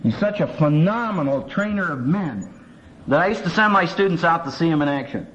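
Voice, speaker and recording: A man's voice: fairly high pitch, fairly quick. A man, a seminary professor, lecturing with humor and acting out voices, recorded on an old cassette tape. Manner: humorous, animated, acts out voices. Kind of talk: lively lecture with acted quotes. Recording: dull old cassette tape with faint hiss.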